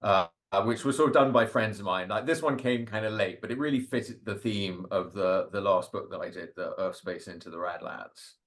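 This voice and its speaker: A man's voice: lowish voice, normal speed, hardly any pauses, fairly bright tone. A man, a cartoonist and guest speaker, talking casually and rambling about his drawings, full of fillers and little laughs. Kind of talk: casual talk over slides.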